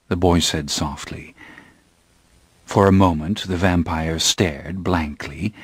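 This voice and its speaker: A man narrating an audiobook in a measured, even way. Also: extremely low pitch, slightly rough, no echo. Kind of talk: scripted narration.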